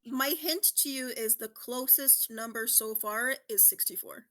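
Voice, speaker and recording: A woman hosting a casual podcast quiz, excitable and quick to laugh. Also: fairly high pitch. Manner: excitable, laughs often, quizmaster. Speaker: podcast host running a quiz.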